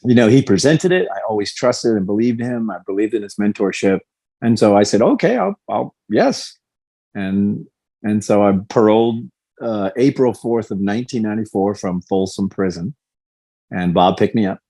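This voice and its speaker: A man in his fifties with a fairly low voice speaks as a podcast guest, recounting his past in a candid, lively way. He slips into acted-out quotes as he tells the story. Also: moderate pace. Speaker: guest, former fighter.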